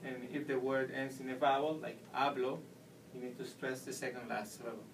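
A man's voice: medium pitch, fairly even intonation, quick pace. A man giving a whiteboard lesson as a Spanish teacher, explaining patiently step by step. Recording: distant mic with faint room noise.

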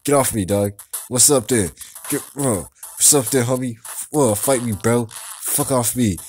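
A man playing a wrestling video game, cursing and shouting at the characters on screen in excitable commentary. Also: medium pitch, unhurried, soft background music. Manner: loud and excitable, trash-talking the screen. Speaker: let's play gamer. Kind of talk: profane gameplay commentary.

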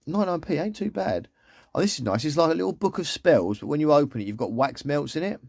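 Male vlogger, easygoing and rambling, mellow voice, dry close sound. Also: fairly high pitch, sing-song, quick pace, gravelly, dry recording. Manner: chatty, rambling, with trailing asides. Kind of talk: casual shopping haul commentary.

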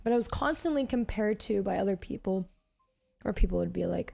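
A woman's voice: mid-range voice, a little fast, gravelly, mellow, soft background music. A young woman streamer thanking her viewers in casual chat, emotional and teary, full of fillers. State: teary, crying.

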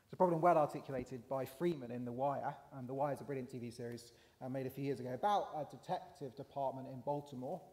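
A man's voice: medium pitch, fast, few pauses, a little mellow. Man preaching in a reverberant church. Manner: conversational preaching with fillers. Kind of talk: sermon. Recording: long church hall reverb.

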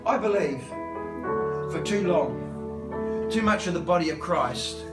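A man's voice: fairly high pitch, lively intonation, takes it slowly, over loud music. A man preaching a sermon, telling stories and acting out the characters in comic voices. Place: church hall. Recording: echoey hall, mic from a distance.

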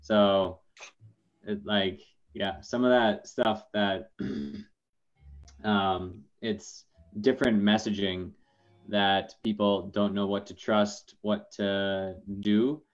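A man talking calmly as a guest in a casual video call chat, with dull lo-fi call audio. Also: fairly low pitch, very slow.

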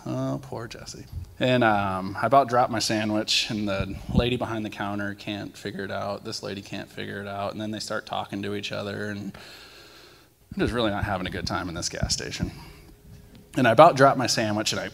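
A young man giving a casual sermon, sharing testimonies with animated storytelling and acted-out quotes. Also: fairly low pitch, gravelly. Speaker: lay speaker sharing testimonies. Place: church sanctuary. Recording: long reverb of a church hall.

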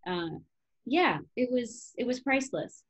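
A woman's voice: fairly high pitch, animated, a little slow, poor audio. Chatty woman guest in her thirties. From Chicago. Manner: chatty, many fillers like "you know" and "um". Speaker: actress guest. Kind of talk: casual interview chat.

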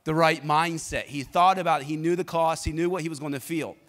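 Energetic man preaching in a reverberant church. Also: fairly high pitch, brisk. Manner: energetic, conversational, prompts the congregation to respond. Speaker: pastor. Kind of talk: sermon with personal storytelling.

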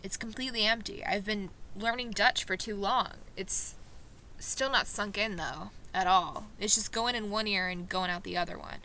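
A woman vlogging in a casual commentary style, excitable and self-mocking, reacting quickly as she plays. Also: medium pitch. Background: background music.

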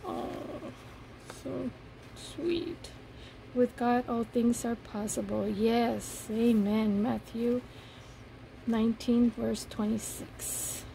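A woman with a fairly high, gravelly voice unboxes craft gifts in a casual vlog. She talks slowly and softly, gushing over every piece with delight. A faint hiss sits under her mellow tone. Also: steady tone, rough recording. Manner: gushing, soft-spoken, admiring each item. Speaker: paper craft vlogger.

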